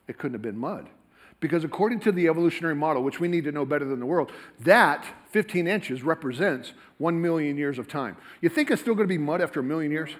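A man giving a lively, rapid-fire, joking talk to a live audience in a lecture hall. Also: a little high. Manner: rapid-fire, animated, jokey, talks to the crowd. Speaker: creationist speaker.

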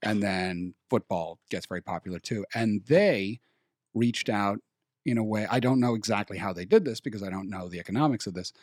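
A young man talks in a relaxed, rambling way, pausing now and then to dig up a name he can't quite recall. His voice sits on the low side. The studio sound is dry and close. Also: dry recording. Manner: rambling, trails off to search for names. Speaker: podcast host. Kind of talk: casual chat. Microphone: studio microphone.

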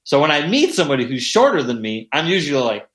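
A man in casual conversation, telling stories with lots of profanity. His pitch swings widely as he gets animated. The room around him has a noticeable echo. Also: quick pace. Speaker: podcast guest. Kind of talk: casual storytelling chat. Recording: roomy echo.

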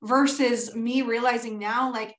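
A woman's voice: a little high, steady tone, a little slow, reverberant, rough recording. A woman hosting a podcast in casual chat, candid, swearing freely and laughing often. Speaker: podcast host.

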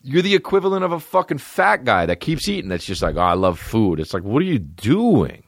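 A man's voice: a little high, wildly swooping pitch, a little fast, vocal fry, slightly rough, no room sound, clean studio sound. A man in his thirties hosting a podcast, telling rambling, profane, self-deprecating stories in a casual comedic way. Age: 30s. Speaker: podcast host.

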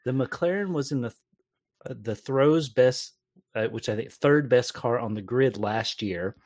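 A man's voice: medium pitch, measured pace, a little mellow, dry recording. Male co-host, sarcastic ribbing banter. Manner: sarcastic, laughing jabs. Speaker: podcast co-host. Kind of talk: casual chat.

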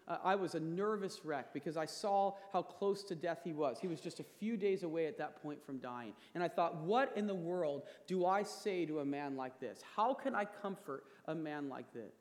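A pastor in his thirties delivers his sermon in a high, earnest male voice, pressing his points until they land with emphasis. His words ring out with a long reverb that fills the large church hall. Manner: earnest, building to emphatic peaks.

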